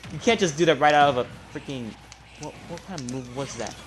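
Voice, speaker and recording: A man giving live gameplay commentary, trash-talking the opponent and muttering between loud outbursts. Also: a little high, brisk. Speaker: gamer. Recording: loud game music behind voice. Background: fighting game music and effects.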